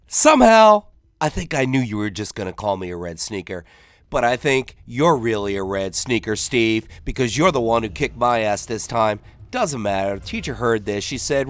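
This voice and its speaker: A man's voice: fairly low pitch, animated, normal speed, faint music behind. A man doing gameplay commentary, telling a long rambling joke and acting out the characters in raised voices.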